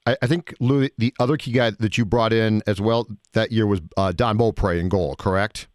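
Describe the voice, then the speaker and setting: A man's voice: fairly low pitch, fairly even intonation, moderate pace, no echo, studio quality. A man interviewing a guest, prompting with short, curious follow-up questions.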